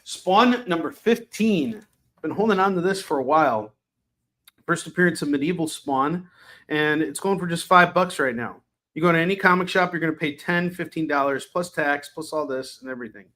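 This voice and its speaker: Selling comics on a live shopping stream, a man delivers a casual, chatty pitch at normal speed. His tone is sharp, and he fills the talk with sarcastic jokes and plenty of fillers.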